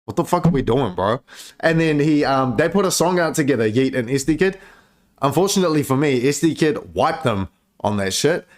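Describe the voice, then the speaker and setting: A man's voice: medium pitch, animated, a little fast. Laid-back profane man reacting to music. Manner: laid-back, profane, chatty with filler words. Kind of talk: casual reaction commentary.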